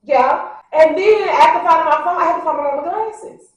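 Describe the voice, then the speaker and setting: A woman vlogger telling a story casually to her viewers, animated and acting out what people said. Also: very high voice, fairly quick. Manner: talks straight to the audience, addressing them directly. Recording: very echoey, a bit far from the mic.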